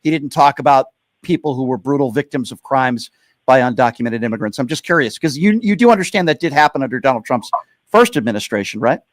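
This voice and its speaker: Fast-talking male radio call-in host. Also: mid-range voice, animated, no room sound, clean studio sound. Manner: presses callers, interrupts to slow them down. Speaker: radio talk show host. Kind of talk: live call-in radio talk.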